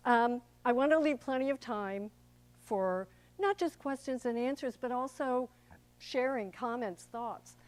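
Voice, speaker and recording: Speaking at a measured pace in a fairly high voice, an older woman, both actor and director, chats theatrically to a public audience. She dramatizes quoted voices as she goes.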